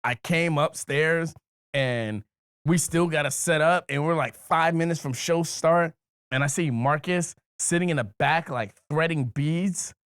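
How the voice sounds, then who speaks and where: A man co-hosting a podcast, telling a story in casual chat, animated, laughing often and swearing a lot. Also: a little high, measured pace, clean tone, dry recording, studio quality. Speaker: podcast co-host.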